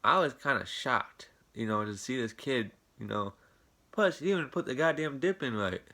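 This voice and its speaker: Young guy ranting thru a storytime vlog, bright edgy voice, cusses a lot. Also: mid-range voice, animated, normal speed. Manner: swearing, indignant, rambling retelling. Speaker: vlogger. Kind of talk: casual storytime rant.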